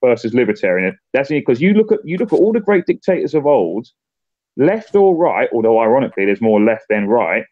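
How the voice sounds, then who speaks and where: A man's voice: medium pitch, big pitch swings, no echo, lo-fi sound. A man, a political candidate, in a casual political chat, often restarting and repeating words as he gets going. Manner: halting, repeats words when starting sentences.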